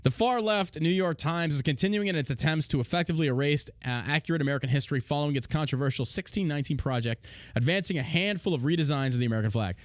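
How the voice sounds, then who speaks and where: A man's voice: a little high, fast, no echo, studio quality. Blunt, profane man ranting on a podcast. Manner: loud, mocking outbursts. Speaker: podcast host. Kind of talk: casual podcast rant.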